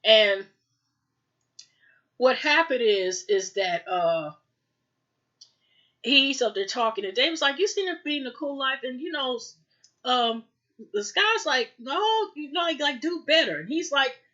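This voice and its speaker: Female TV recapper with a fairly high voice, loose and rambling, full of "you know" and "like", slipping into character voices. Muffled, lo-fi home recording. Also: animated, measured pace, pauses often, sharp tone. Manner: rambling, heavy fillers, acts out dialogue. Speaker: TV recap reviewer. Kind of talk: casual episode recap.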